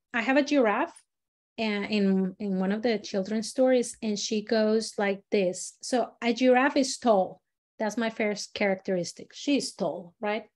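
A woman leading a storytelling workshop who talks in a chatty way, often restarting her sentences and acting out examples. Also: on the high side. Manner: chatty, many fillers and restarts, acts out examples. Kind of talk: casual teaching talk.

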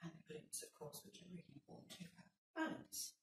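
A woman's voice: on the low side, sing-song, a little fast, gravelly, heavy reverb, distant mic, poor audio. A woman leading a workout, giving encouraging step-by-step instructions and counting reps, a little out of breath. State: slightly out of breath. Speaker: fitness instructor.

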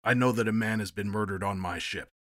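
A man voicing a querulous, bossy male ship captain in an audiobook reading, loud and indignant. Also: fairly low pitch, a little fast, no echo, clean studio sound, close to an everyday voice. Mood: angry.

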